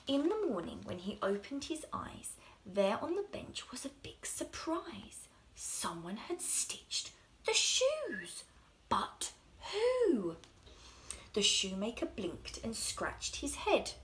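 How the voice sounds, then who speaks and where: A woman reading a children's story aloud in an expressive, sing-song way, dropping into soft whispers at times. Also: a little high, takes it slowly, slight background noise.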